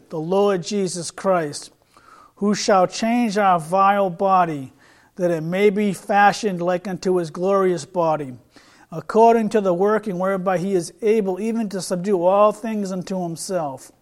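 A man preaching a sermon, reading scripture aloud and retelling a street conversation, earnest with frequent repeated words and restarts. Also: sits high.

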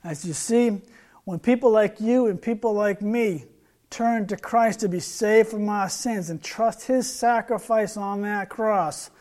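A man's voice: sits high, unhurried, darkish tone. A man preaching a sermon, reading scripture aloud and retelling a street conversation, earnest with frequent repeated words and restarts.

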